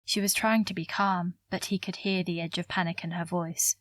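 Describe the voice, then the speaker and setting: A woman narrating an audiobook novel in a measured, even storytelling voice, close to the mic. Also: on the low side, no echo. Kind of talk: scripted narration.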